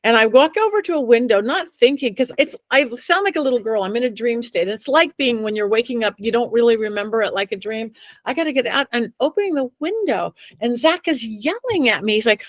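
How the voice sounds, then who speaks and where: A woman's voice: a little high, animated, fairly quick, few pauses, no room sound. A middle-aged woman telling dramatic stories as an interview guest, acting out the voices of the people she quotes. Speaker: psychic medium guest. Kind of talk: animated interview storytelling.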